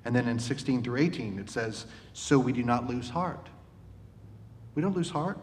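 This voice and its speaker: Man preaching a sermon in a reverberant hall. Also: lively intonation. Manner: recites a poem slowly, then preaches conversationally with asides. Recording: reverberant hall with faint rumble.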